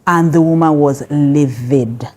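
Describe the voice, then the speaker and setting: A woman's voice: sits low, a little slow, a little mellow. A middle-aged woman pastor with a Nigerian English accent giving a conversational marriage teaching, direct and emphatic, laughing often.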